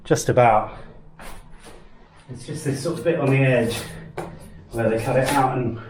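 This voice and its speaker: A man's voice: mid-range voice, unhurried, echoey room, heavy background noise. A man chatting casually on a home vlog while renovating his house, rambling and self-deprecating. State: out of breath. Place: house under renovation, indoors.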